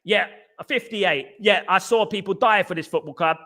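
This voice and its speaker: A man's voice: sits high, moderate pace, pushed and bright. A man hosting a fan live stream, reading out chat comments in a blunt, repetitive, casual way, often calling people "mate". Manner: blunt, repetitive, peppers talk with "mate" and "big up".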